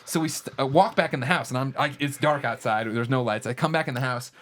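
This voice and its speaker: A man's voice: mid-range voice, fast talker, fairly bright tone. A man in his thirties co-hosting a casual chat show, telling a story and acting out quotes in shifted voices. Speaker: podcast co-host.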